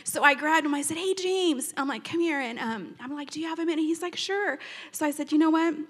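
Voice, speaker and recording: Chatty high-voiced woman telling her testimony. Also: fast talker. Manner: chatty and animated, acting out both sides of conversations, laughing often. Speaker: church member giving testimony. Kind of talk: storytelling testimony to a congregation.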